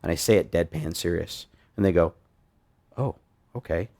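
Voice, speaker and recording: Man, hypnosis presenter, joking, animated, restarts sentences, live room audience. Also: deep voice, a little fast. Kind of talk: live stage demonstration talk.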